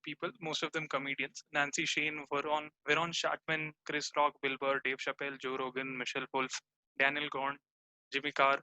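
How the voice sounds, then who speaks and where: A man hosts a podcast in a video call. His voice is very bright and a little higher than usual. He is relaxed and moves the talk along. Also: normal speed, low-quality recording. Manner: relaxed, reads out a list. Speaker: podcast host. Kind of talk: casual chat.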